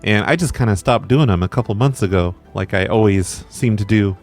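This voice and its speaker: A man's voice: fairly low pitch, fairly quick, darkish tone, faint music behind. Chatty male podcast host. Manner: loose, chatty, self-deprecating. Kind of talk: casual rambling chat.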